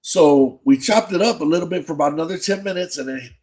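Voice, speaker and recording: A man's voice: fairly high pitch, fast talker, darkish tone, poor audio. A man hosting a podcast and telling a long, casual story in slangy, profane speech, with many restarts. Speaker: podcast host.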